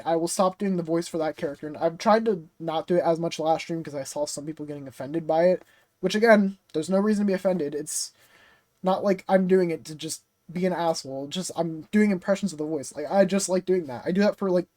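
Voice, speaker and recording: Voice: medium pitch, darkish tone, no room sound. A content creator ranting straight to the camera in a frustrated, rambling way, full of fillers and swearing. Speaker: game reaction content creator. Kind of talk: casual direct-to-camera rant.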